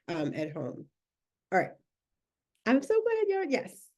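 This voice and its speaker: A woman career coach giving a live online masterclass, animated and emphatic, laughing often as she coaxes her audience along. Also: fairly high pitch. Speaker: career and personal branding coach.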